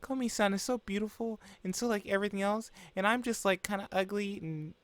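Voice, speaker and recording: A man voicing a shy, self-deprecating high school girl, stammering and flustered. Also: fairly quick, a bit bright. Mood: nervous.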